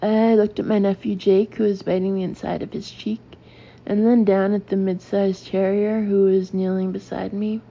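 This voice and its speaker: A woman with a gravelly, darker voice reads a comic memoir aloud in a dry, deadpan manner. The audio is dull and slightly lo-fi. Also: mid-range voice, moderate pace. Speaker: audiobook narrator.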